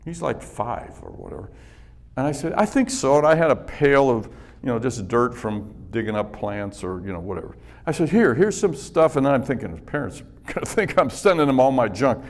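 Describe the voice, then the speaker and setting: Speaking a little fast in a creaky, mid-range voice with lively intonation, a man shares personal stories in a motivational talk for a business crowd at an event venue. He keeps it conversational and chuckles a lot.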